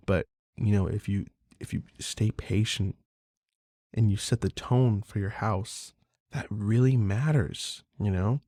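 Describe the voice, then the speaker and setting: A man's voice: on the low side, steady tone, a little slow, dark tone, no echo, clean studio sound. A man hosting a podcast, talking casually and candidly in a rambling way, swearing freely with lots of fillers. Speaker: podcast host. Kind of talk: casual monologue.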